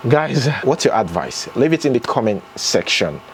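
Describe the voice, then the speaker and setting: A man's voice: medium pitch, sing-song, moderate pace, a little hiss or hum. A man hosting a casual commentary vlog, reading posts aloud and reacting in a chatty way. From Nigeria. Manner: chatty, reacts with rising exclamations. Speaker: vlogger host.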